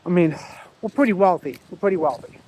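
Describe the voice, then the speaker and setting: A man's voice: high voice, lively intonation, brisk, a little mellow, slightly rough. A man vlogging while walking his dog in a windy park, talking bluntly with swearing and many restarts. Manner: blunt, profane, rambling with restarts. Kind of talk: casual rambling vlog talk. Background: wind and faint outdoor noise.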